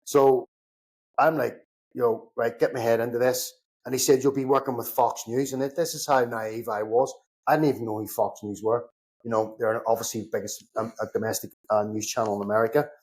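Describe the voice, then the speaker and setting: Belfast man telling animated war stories. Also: medium pitch, fairly quick. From Northern Ireland. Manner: animated anecdotes, acts out both sides of conversations, swears casually. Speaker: podcast guest, security consultant. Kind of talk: casual storytelling chat.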